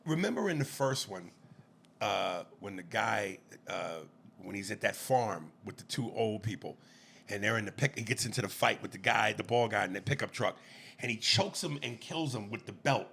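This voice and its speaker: Low gravelly husky man, emphatic. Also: lively intonation, normal speed, bright, forceful tone. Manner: emphatic, exclaims in disbelief. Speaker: podcast co-host. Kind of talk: casual chat.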